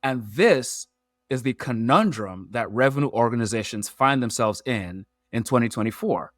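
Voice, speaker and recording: A man, a podcast guest who explains his points through lively analogies and metaphors. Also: mid-range voice, moderate pace, no echo. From Nigeria. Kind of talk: animated storytelling in an interview.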